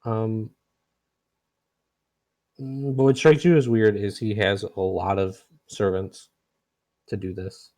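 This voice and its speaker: A man running a tabletop game as game master. He describes scenes in a relaxed way with many hesitations. His voice is low, dark and gravelly. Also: slow pace, pauses often.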